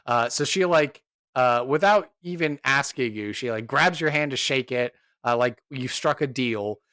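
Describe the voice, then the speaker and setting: A man's voice: mid-range voice, a little slow, pushed and bright, no echo, clean studio sound. A man running an upbeat, rambling tabletop game. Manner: rambling, filler-heavy, upbeat. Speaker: game master.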